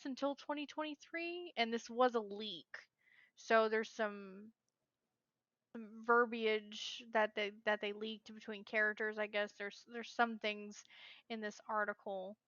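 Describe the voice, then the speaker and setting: A woman's voice: on the high side, bright, forceful tone, no echo, muffled recording. A woman co-hosting a casual gaming podcast, chatty and frank. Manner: chatty, frank, quick to laugh. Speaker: podcast co-host. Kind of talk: casual chat.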